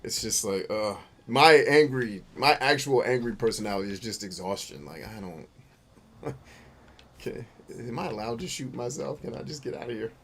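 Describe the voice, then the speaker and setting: A man hosting a gaming show, riffing through casual gameplay commentary, boisterous and playful, full of slang and swearing, with sudden loud outbursts. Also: medium pitch, expressive, moderate pace, creaky, slight background noise. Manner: boisterous and playful, bursts into loud shouts and laughter.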